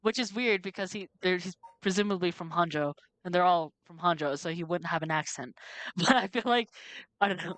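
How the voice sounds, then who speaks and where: A woman's voice: lowish voice, fairly quick, fairly bright tone, no room sound. A woman hosting a game playthrough, chatting casually and reading the game's text aloud. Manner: chatty and giggly, swears when startled. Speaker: let's play host.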